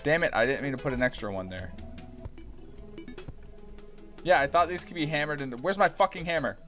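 Animated young man swearing through a let's-play. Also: on the high side, quick pace, faint music behind. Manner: animated, profane, rambling, bursts into excited yells. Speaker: gaming YouTuber. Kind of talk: casual let's-play commentary.

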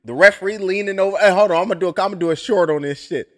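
A man's voice: sits high, rapid-fire. A man doing loose, profane, clowning commentary while waiting for a fight. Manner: loud, joking and profane, keeps clowning. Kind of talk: casual live-stream commentary.

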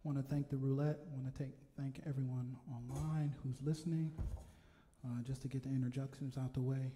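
A man introducing his band from the stage of a live concert, speaking in halting, unhurried phrases with pauses. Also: mid-range voice, level tone, warm tone. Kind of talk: onstage announcement at a live concert. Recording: reverberant live hall with noise.

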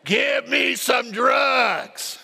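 Man doing a gurgly, yelling woman in labor for a sermon bit, slow and bright-edged. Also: expressive, vocal fry, breathy edge, in a large hall, soft background music, heavily acted. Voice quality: deep, gurgly. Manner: drawn-out, insistent, yelling. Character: laboring wife, petite, demanding, deep gurgly voice.

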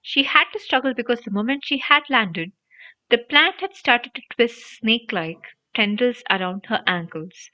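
A woman reading a storybook audiobook aloud in an animated, expressive narration. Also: on the high side. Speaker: audiobook reader. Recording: dry, dull lo-fi audio.

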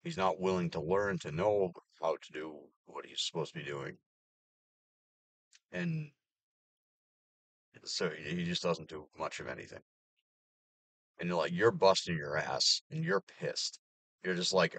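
A man's voice: low voice, very animated, a little slow, creaky, long pauses, a bit bright, no echo. A man in his thirties ranting casually and profanely, with sarcastic laughs. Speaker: vlogger. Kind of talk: casual rant to camera.

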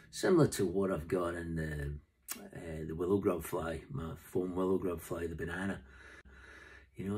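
This fly tier and seller is a middle-aged man with a Scottish accent who rambles and jokes as he chats to camera while camping on the road. He has a low-pitched, darkish voice with a slight roughness.

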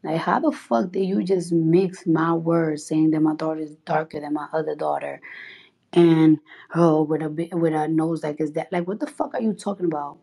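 A woman's voice: low voice, steady tone, moderate pace, creaky, mellow, breathy edge. A woman with a New York accent talking on a casual livestream, blunt and profane, heated and rambling with many restarts. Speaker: social media livestreamer.

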